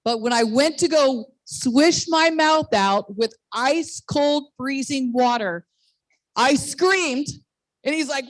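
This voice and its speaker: A woman in her sixties giving a bubbly, excited sales pitch full of personal testimonies on a video call, laughing at herself now and then. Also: takes it slowly, no room sound, rough recording. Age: 60s. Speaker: network marketing presenter.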